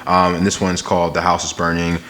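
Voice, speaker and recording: A man's voice: low-pitched, completely flat delivery, a little fast, pushed and bright. A man hosting a podcast, chatting casually about new music in a laid-back, rambling way with plenty of slang and filler. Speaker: podcast host.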